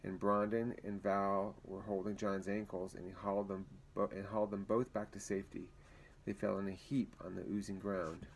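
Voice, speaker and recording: A man reads a novel aloud in a plain, conversational manner. His voice is low. He now and then trips over a word and adds a casual comment. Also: level tone, moderate pace, creaky, slight background noise, low-quality recording. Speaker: reader.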